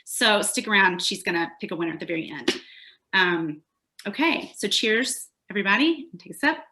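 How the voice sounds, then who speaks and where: A woman's voice: medium pitch, animated, fairly quick, bright, forceful tone. A woman from the American South with a light Southern accent, chatting casually and then reading aloud from her own book at a launch event. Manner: chatty, self-deprecating, with frequent ums and restarts.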